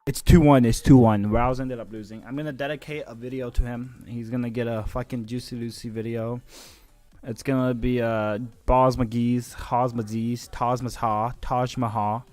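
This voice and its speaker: A man's voice: mid-range voice, moderate pace, dry recording, soft background music. Joking, profane esports streamer man. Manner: joking, profane, swings into excited shouting. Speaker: live stream caster. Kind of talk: casual esports live-stream commentary.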